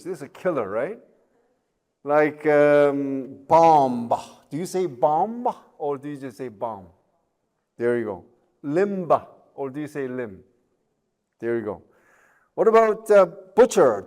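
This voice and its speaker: A man's voice: a little high, a little mellow. A man giving a recorded university lecture, chatty, with joking asides, many fillers and tag questions.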